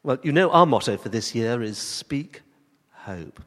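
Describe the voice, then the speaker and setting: A man preaching a sermon to his church congregation, swinging from emphatic rising questions to slow, soft emphasis. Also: medium pitch, expressive, in a large hall. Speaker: pastor.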